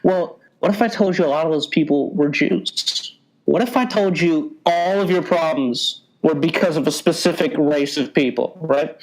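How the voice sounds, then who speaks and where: A man's voice: a little high, moderate pace, rough recording. A young man hosting a casual podcast. He talks in a mock-serious, ironic way, often stumbling and breaking into laughter. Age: young adult. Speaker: podcast host.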